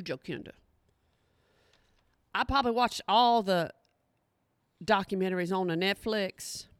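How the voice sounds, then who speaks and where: Woman, podcast host, casual monologue, folksy slang, somewhat high voice, dry close sound. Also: no room sound. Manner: chatty, animated, folksy with colloquial southern-style slang.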